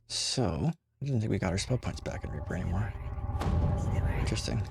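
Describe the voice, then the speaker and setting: A man's voice: on the low side, expressive, brisk, vocal fry, over loud music. A man streaming a game, giving casual, rambling commentary full of asides to his chat.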